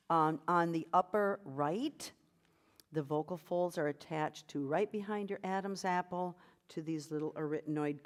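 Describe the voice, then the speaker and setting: A woman with a lowish voice runs a voice workshop as a vocal coach. She cheers the group on and models sounds and brief sung phrases for them to imitate.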